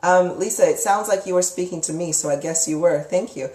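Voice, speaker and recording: Hosting a live psychic Q&A, a woman answers viewer comments frankly and chattily, swearing casually. Her voice is fairly low and dark, she talks fairly quickly, and the sound is reverberant.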